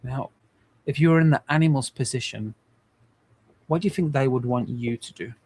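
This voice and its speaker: A man's voice: medium pitch, normal speed, a little mellow, husky. A man in his forties, hosting a livestream in an earnest, rambling way with many restarts. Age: 40s. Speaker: livestream host. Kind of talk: casual livestream talk.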